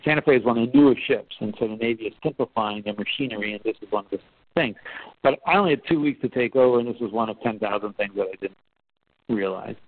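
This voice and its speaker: Guy telling a leadership story, chatty and lively, thin phone-like sound, dry. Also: dry recording. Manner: animated, acts out quotes with rising pitch; conversational, with fillers and restarts. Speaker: speaker at a leadership talk. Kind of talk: storytelling talk.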